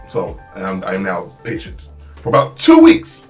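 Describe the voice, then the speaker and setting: Young guy vlogging, animated, lots of restarts, faint music behind. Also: medium pitch, fairly quick. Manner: animated, acts out quotes with voice shifts; many restarts and fillers, emphatic repetition. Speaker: YouTuber. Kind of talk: casual vlog storytelling.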